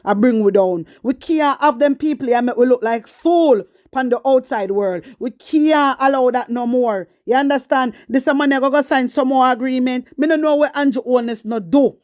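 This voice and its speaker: A woman's voice: sits high, moderate pace, hardly any pauses, darkish tone, no echo, clean studio sound. A woman with a Jamaican accent hosting her own commentary channel, talking politics in a fiery, preachy way and often asking her viewers if they understand. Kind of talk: casual political rant.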